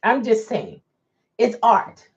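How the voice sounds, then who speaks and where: This Baltimore rideshare driver talks casually on her live stream, laughing a lot as she responds to viewers' comments. She has a fairly high voice whose pitch swoops wildly, and her pace is slow, captured in muffled lo-fi audio.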